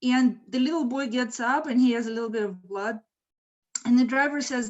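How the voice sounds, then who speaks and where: Woman, storyteller, casual and lively, higher voice, dull lo-fi call sound. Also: normal speed. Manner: lively, animated, laughs mid-sentence. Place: home, virtual event. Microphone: video call.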